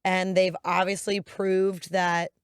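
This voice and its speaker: A woman co-hosting a movie podcast, chatting in a lively, animated way. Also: on the low side, slow pace, clear, resonant tone, no room sound, studio quality. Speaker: podcast co-host. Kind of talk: casual podcast chat.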